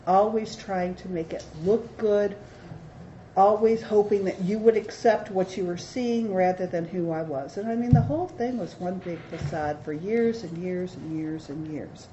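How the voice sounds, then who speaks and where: A woman's voice: lowish voice, normal speed, mellow. A middle-aged woman giving a candid, self-deprecating recovery talk to a meeting. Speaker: AA speaker. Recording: roomy, dull hall recording with faint hiss.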